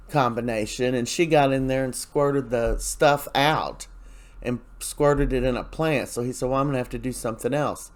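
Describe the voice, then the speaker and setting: A man's voice: mid-range voice, darkish tone. A man casually recapping a soap opera episode, chatty and rambling, with many fillers and lines quoted from the characters.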